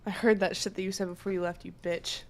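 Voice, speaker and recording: A woman's voice: medium pitch, steady tone, fast talker. A woman streamer trading crude, teasing jabs with a friend while gaming, swearing a lot and chewing into her mic. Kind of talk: casual gaming stream banter.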